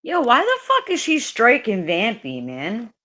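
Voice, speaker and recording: A woman's voice: a little high, wildly swooping pitch, a little slow, fairly bright tone. A woman hosting a casual livestream, chatting with viewers and her dogs, swearing often and breaking into laughter. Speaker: livestream host.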